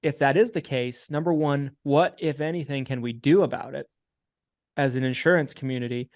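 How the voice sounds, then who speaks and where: A man hosting a casual podcast, talking in a measured way, repeating himself and laying out points one by one. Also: medium pitch, steady tone, no room sound, clean studio sound. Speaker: podcast host and insurance agent.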